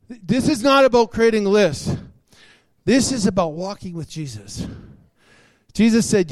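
A middle-aged man preaches with a notably high-pitched voice. He swings between shouted emphasis and hushed asides. The sound is dry and close with no room echo. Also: lively intonation, measured pace. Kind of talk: sermon.

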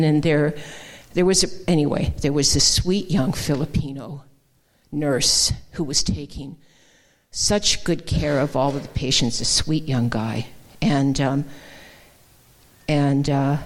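A woman with a slightly low voice preaches a sermon built on personal anecdotes. She talks conversationally, calling people darling and honey as she retells conversations. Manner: warm storytelling, addresses people as darling and honey. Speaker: guest speaker.

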